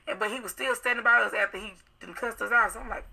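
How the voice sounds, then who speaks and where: Gravelly young woman retelling a night out. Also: on the high side, bright, forceful tone, poor audio. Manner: profane, rapid storytelling acting out quoted dialogue. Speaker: witness telling her account. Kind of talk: casual recounting on live video.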